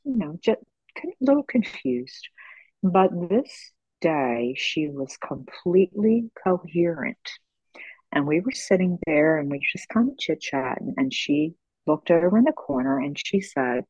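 A woman in her sixties hosts a conversation, recounting stories gently and without hurry. Her voice is husky and breathy. The recording is dry and a little dull, like a modest home podcast setup. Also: low-pitched, no room sound. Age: 60s. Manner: gentle, unhurried storyteller. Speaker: podcast host. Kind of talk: conversational storytelling. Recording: slightly dull lo-fi sound.

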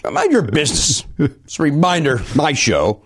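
A man hosting a comedy podcast in casual banter, reading listener mail and ads with deadpan jokes and crude tangents. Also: fairly high pitch, normal speed, slightly rough, dry recording, studio quality. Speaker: podcast host.

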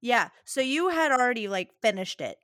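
A woman co-hosting a relaxed podcast, talking easily and laughing often. Her voice is bright and sits a little high. The sound is dry and close, with no room around it. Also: normal speed, no room sound. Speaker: podcast co-host. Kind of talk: casual chat.

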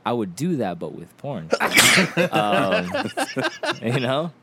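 Low-voiced young man telling a rambling story. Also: sing-song, takes it slowly, heavy background noise. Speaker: podcast co-host. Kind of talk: casual storytelling.

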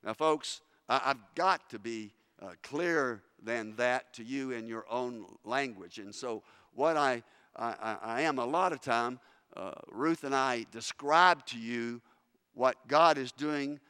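A man's voice: mid-range voice, unhurried, pushed and bright, clean tone, studio quality. A man preaching a sermon emphatically, often restarting his words. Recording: long reverb of a large hall.

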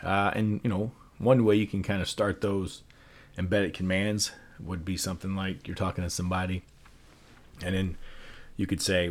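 Man, very deep voice, casual podcast host, loose delivery, lots of fillers. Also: moderate pace, pauses often. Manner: relaxed, loose delivery full of fillers and restarts. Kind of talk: casual explanatory podcast monologue.

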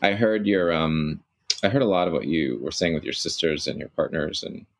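Man, host, very low voice, gravelly fry, reflective, affirming, measured. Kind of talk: reflective conversation.

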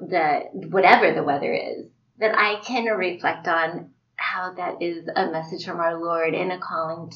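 Woman with a low voice, muffled audio. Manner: earnest, gentle, reflective. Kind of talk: casual faith chat. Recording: muffled lo-fi audio with faint background hiss.

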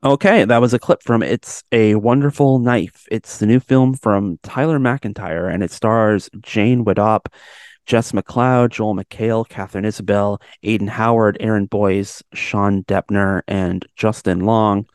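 A man hosting a film review podcast in casual chat, wry and joking with quick asides. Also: lowish voice, fairly even intonation, a little mellow, clean tone, no room sound, studio quality.

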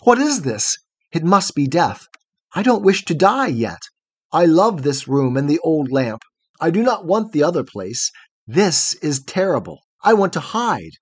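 A man's voice: high-pitched, very animated, a little slow, few pauses, voice pushed up, full character voice. A man voicing a frightened young woman raised in darkness, crying out in a pleading, trembling way in a storybook reading. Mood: terrified.

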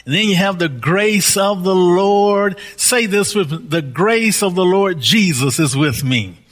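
A man's voice: high voice, unhurried, fairly bright tone. A male pastor preaching a sermon, repeating key phrases for emphasis and leading the congregation in spoken declarations.

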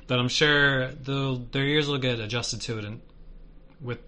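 A man with a bright voice co-hosts a casual podcast, laughing along with his partner. He is easygoing and keeps nudging the talk back on track. His pitch sits in the middle for a man. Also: fairly even intonation, unhurried. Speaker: podcast co-host. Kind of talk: casual banter.

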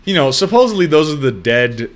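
A man's voice: fairly high pitch, fairly quick. A man in casual, profane conversation, talking through a TV series with a friend. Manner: profane, animated storytelling. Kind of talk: casual chat.

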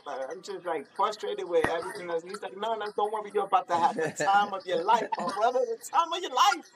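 A man telling a lively story, acting out the voices of the people in it and laughing often, with a crowd heard behind. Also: high voice, quick pace, poor audio. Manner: excitable, laughing, acts out dialogue. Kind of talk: animated anecdote, quoting others.

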